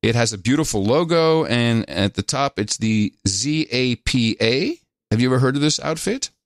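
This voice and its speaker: A man hosting a podcast, reading out listener donations and notes in a casual, halting way with many filler pauses. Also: mid-range voice, lively intonation, dry recording, studio quality. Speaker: podcast host.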